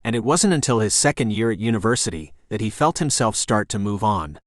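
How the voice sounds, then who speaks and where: A man narrating an audiobook with steady, even storytelling. His voice sits on the low side and is recorded close and dry. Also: brisk, no echo. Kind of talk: scripted narration.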